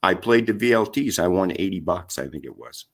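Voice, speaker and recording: A middle-aged man, his voice sitting a little low. He rambles and swears his way through an angry rant straight to camera, throwing insults as he goes. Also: lively intonation, brisk. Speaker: vlogger.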